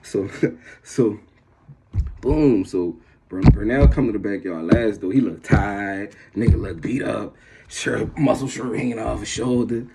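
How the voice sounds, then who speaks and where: A man's voice: a little slow, vocal fry, very noisy. A man casually telling a story to his viewers, slangy and rambling, with many restarts. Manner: gets loud and high when the story turns tense.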